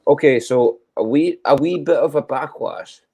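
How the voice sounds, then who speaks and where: A man's voice: mid-range voice, moderate pace, gravelly, mellow, slightly rough. A man with a Scottish accent chatting casually, swearing freely and loosely. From Scotland. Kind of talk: casual chat.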